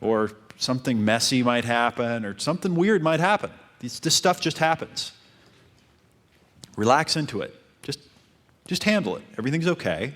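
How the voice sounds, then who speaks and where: A man giving dating advice in a calm coaching talk, repeating his points. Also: medium pitch, moderate pace.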